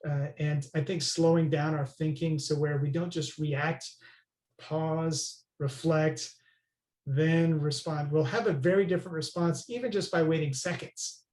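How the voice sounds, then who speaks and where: A man's voice: fairly high pitch, moderate pace, hardly any pauses, a little mellow, echoey room. A man speaking as a podcast guest, earnest and emphatic, often checking in with "right?". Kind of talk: conversational interview.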